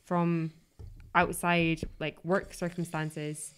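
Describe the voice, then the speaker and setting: A woman's voice: fairly low pitch, little pitch movement, slow pace, clear, resonant tone. A young adult woman, a podcast guest, chatting casually and telling stories with quoted voices. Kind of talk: casual chat.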